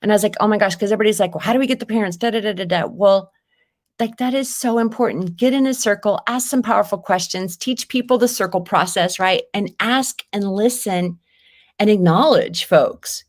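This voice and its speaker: A woman's voice: mid-range voice, a little fast. A woman educator speaking as a podcast guest, affirming and agreeing often in casual conversation. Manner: warm affirming listener, frequent agreement.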